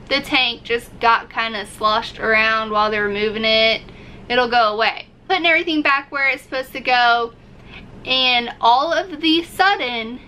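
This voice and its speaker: Bright-voiced woman telling a story slowly. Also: on the high side, slight background noise, rough recording. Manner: animated retelling, acting out her own reactions. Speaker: RV-living vlogger. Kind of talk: casual storytelling to camera.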